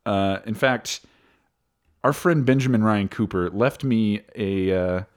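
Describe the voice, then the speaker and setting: Male podcast host, chatty and jokey, quick to laugh. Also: fairly low pitch, clear, resonant tone. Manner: jokey, laughs often while reading aloud. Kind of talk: casual podcast chat.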